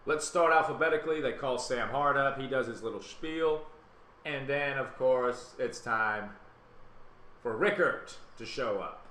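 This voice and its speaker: A man with a Southern US accent hosting a live web talk show, telling a story in a casual, animated way and acting out other people's lines. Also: medium pitch, unhurried. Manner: animated, acts out quotes in other voices. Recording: roomy webcam stream with faint hiss.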